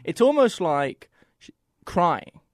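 A man's voice: high-pitched, very animated, takes it slowly, dry recording, studio quality. A man from Australia with an Australian accent, co-hosting a casual chat in an earnest, rambling way with many restarts. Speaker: podcast co-host.

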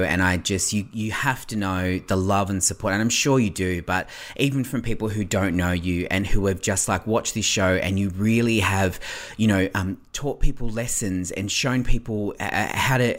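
Effusive, lower-voiced man hosting. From Australia. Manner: gushing, effusive, rambling. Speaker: podcast host. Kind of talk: casual interview chat.

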